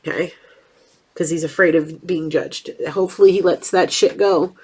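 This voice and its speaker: A woman's voice: on the low side, fairly even intonation, normal speed, breathy edge. A woman giving a casual tarot reading, chatty and blunt, with a stuffed-up nose. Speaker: tarot reader.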